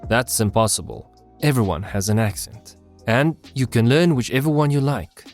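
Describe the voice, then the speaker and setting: A South African man with a South African English accent, hosting an English-learning podcast and reading his lesson in a clear, measured way. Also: mid-range voice, soft background music. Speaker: podcast host.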